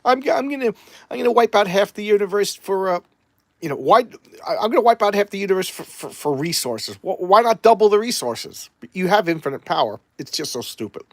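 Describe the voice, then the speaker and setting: A man's voice: high-pitched, lively intonation, brisk, no room sound, studio quality. Rambling, opinionated comic-book vlogger man. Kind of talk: casual comic review commentary.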